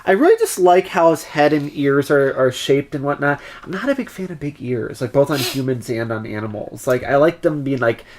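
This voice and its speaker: A man's voice: mid-range voice, animated, brisk, hardly any pauses, darkish tone. A man co-hosting a band podcast in casual chat, rambling and hedging with many fillers.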